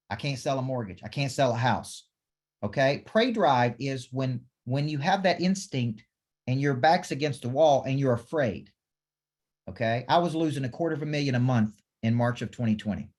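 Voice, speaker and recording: Emphatic man coaching with drive. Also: mid-range voice. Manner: emphatic, repetitive, asks audience for affirmation. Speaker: business coach. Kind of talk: motivational training talk.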